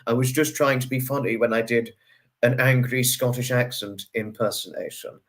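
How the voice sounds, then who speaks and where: A man hosts a relaxed livestream, talking through viewer comments in a chatty, rambling way. His voice sits at an ordinary middle pitch but jumps up high whenever he greets someone. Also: normal speed. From United Kingdom. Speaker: livestream host. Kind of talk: casual livestream chat, reading out viewer comments.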